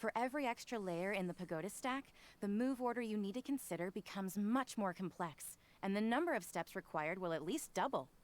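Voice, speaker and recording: A woman's voice: mid-range voice, expressive, fairly quick, few pauses, close to an everyday voice. A woman voicing a polite, earnest young assistant in a video game. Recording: game audio with faint music.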